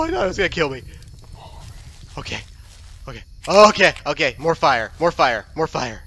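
A man commentating his own play of a scary game, talking to himself and yelping and shouting when startled. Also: a little high, big pitch swings, moderate pace, long pauses. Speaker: gaming video host. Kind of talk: live gameplay commentary.

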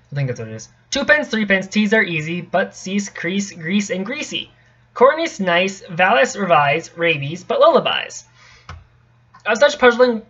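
A young man reading a tricky poem aloud in a casual, halting way, often stopping to correct himself and mutter asides. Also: high-pitched, a bit bright, breathy edge. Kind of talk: casual stumbling read-aloud. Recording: dull lo-fi home recording.

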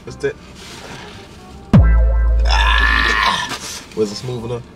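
A young man hosting his vlog, joking around in slangy, animated casual talk. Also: fairly low pitch, extremely slow, loud music behind the voice. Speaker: vlogger. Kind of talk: casual chat.

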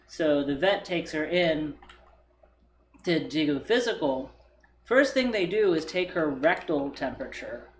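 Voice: mid-range voice, roomy sound, slight background noise. A stream co-host in casual chat, rambling through a long story with many filler words, talking into a desk microphone.

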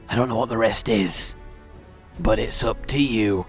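A man hosting a let's play, rambling excitedly about the game, joking, and breaking into shouts and silly voices. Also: on the low side, measured pace, soft background music. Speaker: gaming channel host.

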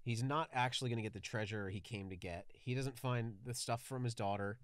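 A man's voice: medium pitch, a little fast, clean tone, dry recording, studio quality. A young adult man co-hosting a podcast, musing over story ideas in a loose, thoughtful manner. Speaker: podcast co-host. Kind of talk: casual brainstorming chat.

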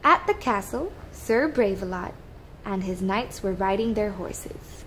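A woman teacher reading a picture book aloud to young children, in a gentle, expressive storytelling manner. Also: medium pitch, measured pace, slight background noise.

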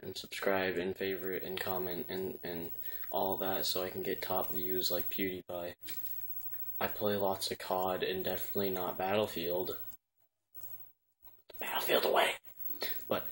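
A man presenting a joking impressions video as a YouTuber, with a deadpan delivery. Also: deep voice, slight background noise.

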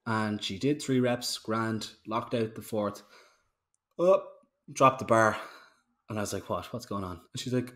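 A man's voice: lowish voice, moderate pace. A man chats on a podcast about coaching at the gym. He tells stories in a loose, ranting way and swears freely. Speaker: podcast co-host, strength coach. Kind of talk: casual podcast chat.

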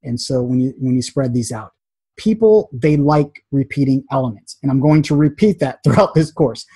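Chatty husky-voiced man teaching design. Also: mid-range voice, normal speed, no echo. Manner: chatty and animated, acts out quotes. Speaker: graphic design instructor. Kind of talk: casual recorded lesson.

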